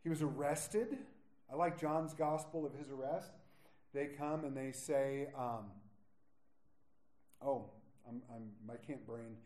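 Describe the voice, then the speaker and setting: Echoey pastor preaching, warm voice. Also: male voice, mid-range voice, slow, long pauses. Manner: prays softly, then preaches with rising intensity, acting out quoted lines. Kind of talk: sermon.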